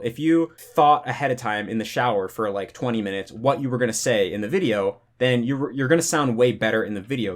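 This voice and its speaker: Young guy talking to camera, lowish voice, easygoing and rambly, lots of you know and like. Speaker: language-learning YouTuber. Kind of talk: casual talking-head advice.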